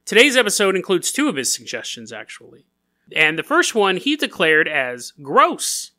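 A man's voice: sits high, huge pitch swings, normal speed, sharp tone. A man hosting a podcast, telling stories in a casual, joking way, laughing often and acting out silly voices. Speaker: podcast host. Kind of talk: casual comedic storytelling.

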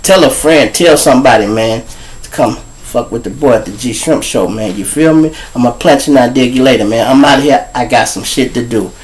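A man with a Chicago accent hosting his own show. He tells stories in a profane, animated way and talks straight to his viewers. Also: medium pitch, a little fast, poor audio. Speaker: show host. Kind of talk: storytelling monologue.

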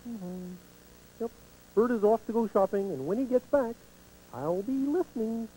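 A man's voice: high voice, moderate pace, dark tone, slight background noise, lightly acted, low-quality recording. A man voicing Ernie, a cheerful, oblivious male puppet roommate who talks in a sunny, chuckly way in a children's TV puppet sketch.

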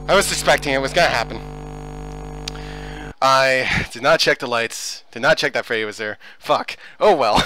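A man giving let's play commentary, excitable and swearing as he yells at the game. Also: a little high, poor audio.

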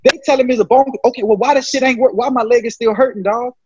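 A man from New Orleans, a pro football player, telling stories in a casual interview, profane and animated, acting out quoted exchanges. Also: extremely high pitch, rapid-fire, husky. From New Orleans, USA. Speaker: guest, pro football cornerback. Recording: dry, dull lo-fi sound.

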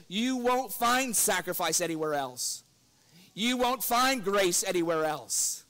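A man with a high, light voice delivers an evening church lesson. He talks earnestly, pushing harder when he reads scripture aloud and chuckling through homely stories. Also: lively intonation, takes it slowly, sharp tone. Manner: earnest, rises in pitch and force when quoting scripture; breaks into chuckles while telling stories. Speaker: preacher.

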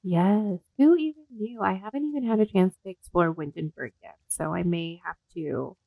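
A woman hosting a let's play, commenting in an excitable, giggly and crude way. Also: lowish voice, moderate pace, creaky, dry recording. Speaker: gaming video host.

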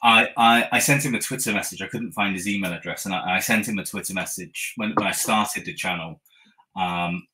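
A man's voice: low-pitched, a little fast, sharp tone, low-quality recording. A man being interviewed on a livestream, speaking hesitantly with many ums and repeated words. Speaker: interview guest, youtuber. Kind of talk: casual interview chat.

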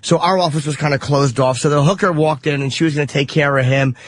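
Husky-voiced man telling crude stories. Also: fairly high pitch, fast talker, no room sound. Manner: crude, animated storytelling with acted-out quotes. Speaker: comedian. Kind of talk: casual radio chat.

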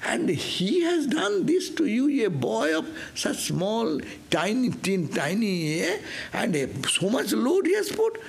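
A man's voice: high-pitched, wildly swooping pitch, slow, vocal fry, few pauses, voice pushed up, heavily acted. A man voicing an astonished, tender Brahmin housewife in a retold parable, exclaiming in a motherly way.

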